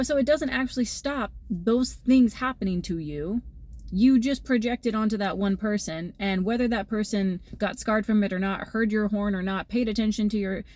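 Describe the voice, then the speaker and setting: A woman's voice: mid-range voice, a little mellow. A woman talking through a channeled tarot message to her viewers, rambling and casual with lots of fillers and everyday analogies. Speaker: tarot reader.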